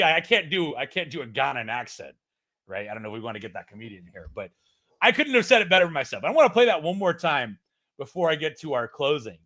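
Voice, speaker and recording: A man hosting a casual live-stream news commentary, excitable, swearing and laughing as he talks. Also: fairly high pitch, quick pace. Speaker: host of a political news stream. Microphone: streaming setup mic.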